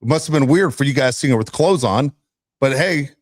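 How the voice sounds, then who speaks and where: A man co-hosting a sports podcast, ranting in a loud, exasperated way. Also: mid-range voice, expressive, fairly quick, no echo, studio quality. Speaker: podcast co-host. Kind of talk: casual sports podcast rant.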